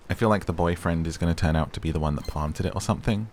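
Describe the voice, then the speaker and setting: A man's voice: deep voice, rapid-fire, hardly any pauses, darkish tone, slight background noise. A man casually commenting while playing a story game and reading its lines aloud. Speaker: gaming video host. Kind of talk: let's play commentary. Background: game music.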